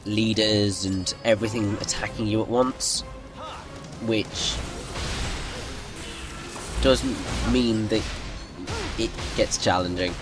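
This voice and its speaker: Taking it slowly with long pauses, a man with a fairly low pitch and fairly even intonation hosts a gaming video. Over game music he rambles casually while playing, frequently restarting sentences and tossing in self-mocking asides.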